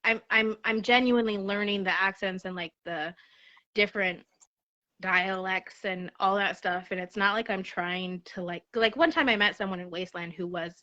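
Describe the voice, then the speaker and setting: A woman guest in casual chat, animated, swinging between high and low and laughing often. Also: moderate pace, muffled recording. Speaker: podcast guest.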